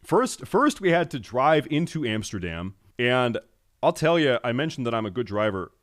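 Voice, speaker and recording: A young man streaming, ranting casually and profanely to his chat, exasperated and often loud. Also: mid-range voice, big pitch swings, normal speed.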